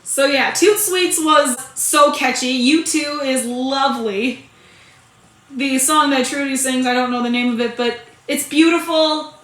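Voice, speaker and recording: A woman with a high, bright voice talks through a movie review in a loose, rambling way. She often restarts her sentences and laughs between them. The sound is echoey, as if she is in a bare room. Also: unhurried. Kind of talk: casual spoken movie review.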